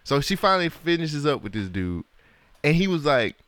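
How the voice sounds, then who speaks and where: A man's voice: fairly high pitch, sing-song, normal speed, a bit bright, clean tone, dry recording. A young man, chatting casually and profanely as a podcast co-host, telling stories and laughing often. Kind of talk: casual chat.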